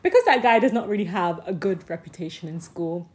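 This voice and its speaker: Animated young-sounding woman telling a story. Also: fairly low pitch, brisk. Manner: animated, swears freely, many "like" fillers; often laughs mid-sentence. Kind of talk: casual storytelling.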